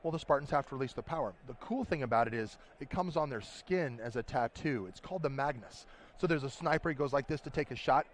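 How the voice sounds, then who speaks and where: A man's voice: mid-range voice, quick pace, slight background noise. Enthusiastic game designer man at a convention. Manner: enthusiastic, rambling explanations with restarts. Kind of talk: convention floor interview. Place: busy convention hall.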